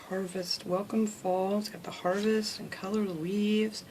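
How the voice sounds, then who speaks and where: A woman hosting a craft channel, chatting casually while unboxing mail, gushing, gasping often and sometimes dropping to a soft whisper. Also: medium pitch, steady tone, a little slow, background noise.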